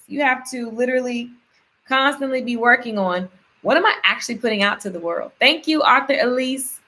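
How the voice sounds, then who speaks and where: A woman's voice: fairly high pitch, lively intonation, normal speed, sharp tone. Upbeat woman, casual motivational vlogger, chatty, repeats words to stress them. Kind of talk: casual motivational vlog with affirmations.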